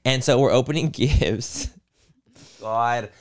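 A man's voice: mid-range voice, slow. A young man co-hosting a podcast, telling stories in casual chat, swearing freely and laughing often. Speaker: podcast co-host.

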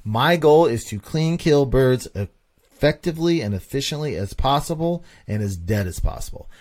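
A man's voice: medium pitch, expressive, moderate pace, a little mellow. A man hosting a casual podcast monologue, talking emphatically and repeating points for stress. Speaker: podcast host.

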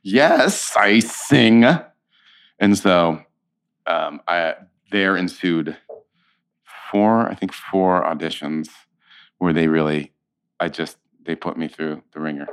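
A man in his fifties, an actor, chatting as an interview guest and telling animated stories. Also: extremely low pitch, slow, clean tone. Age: 50s. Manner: animated storyteller, acts out quotes. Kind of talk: casual interview chat.

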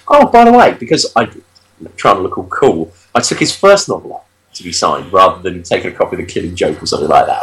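Brief: male co-host, animated pitch, chatty storyteller. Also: husky, poor audio. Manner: lively, storytelling, self-deprecating. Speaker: podcast co-host. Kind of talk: casual chat.

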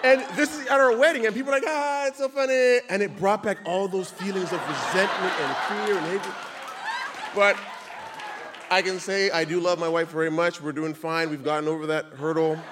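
Animated man telling a story. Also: sits high, a little fast, a crowd in the background, noisy background. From Canada. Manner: animated, laughing through lines, acts out quoted voices. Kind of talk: live personal storytelling on stage. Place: live stage event.

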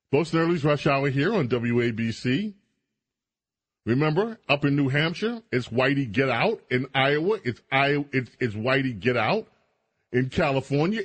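A man hosting a radio talk show, his slightly husky voice swinging widely in pitch as he drawls through sarcastic commentary full of mocking asides. He takes his time, drawing the words out for effect.

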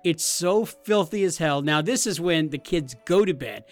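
Upbeat higher-voiced man chatting about games. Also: moderate pace, faint music behind. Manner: animated, acts out game moments in loud high voices. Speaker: podcast co-host. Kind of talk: casual chat.

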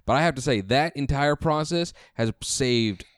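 A man co-hosts a podcast in New York, swapping stories in a casual chat full of swearing and acted-out quotes. His mid-range voice moves at a moderate pace, and the studio-quality recording has no room sound.

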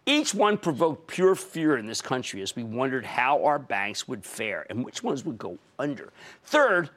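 A man's voice: medium pitch, sing-song, unhurried, a bit bright. A man in his sixties hosting a market commentary show, talking emphatically and punching key words.

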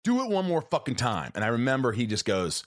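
A man in casual conversation, telling stories with animated quoted dialogue and frequent swearing. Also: medium pitch, fast talker. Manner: animated storyteller, acts out quotes, swears often. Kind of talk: casual storytelling chat.

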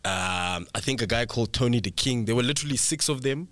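A man's voice: mid-range voice, fast talker, no echo. A South African man, a comedian guest, telling stories in casual podcast chat, slipping in local words. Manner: animated storyteller, switching between local languages.

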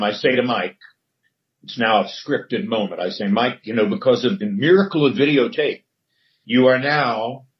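An older man, a former sports newsman, telling a long anecdote in a relaxed way with many fillers. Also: lowish voice. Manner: relaxed storyteller, frequent fillers. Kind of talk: anecdotal storytelling. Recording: dull lo-fi recording.

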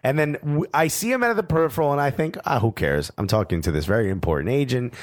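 A man co-hosting a podcast, telling a story in casual chat, animated and laughing as he acts out quotes. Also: mid-range voice, rapid-fire. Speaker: podcast co-host. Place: studio.

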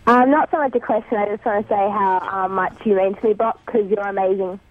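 Brief: Australian woman caller, shy and giggly, mid pitch, dull muffled phone line. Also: fairly even intonation, quick pace. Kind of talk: casual phone call.

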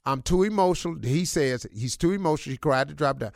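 A middle-aged male radio host hands out relationship advice in a preachy, emphatic voice, hammering points home by repeating them. His voice sits high for a man. The sound is dry and close, with no room around it. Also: lively intonation, quick pace, gravelly, a little mellow, no echo. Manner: preachy, emphatic, colloquial, repeats himself for punch. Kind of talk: animated advice talk.

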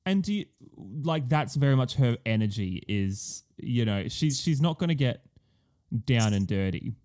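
A man's voice: medium pitch, animated, unhurried, a little mellow. A man co-hosting a podcast, chatting casually with dry, mock-serious banter. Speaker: podcast co-host. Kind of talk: casual chat.

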